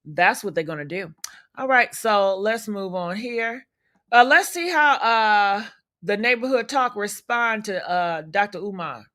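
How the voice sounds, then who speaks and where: Hosting a livestream of loud, unfiltered gossip commentary, a woman talks in a profane, sassy, combative way packed with rhetorical questions. Her voice is medium-pitched, animated, a bit bright, and a little slow.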